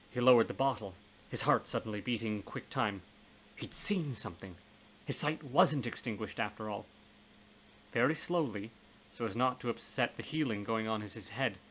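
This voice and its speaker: A man narrating a horror novel in a steady, measured reading voice. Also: mid-range voice, slight background noise, rough recording. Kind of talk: audiobook reading of horror fiction.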